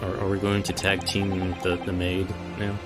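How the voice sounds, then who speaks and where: A man's voice: low voice, monotone, moderate pace, over music, rough recording. A man streaming a game, reading the dialogue in an earnest, slightly hesitant way.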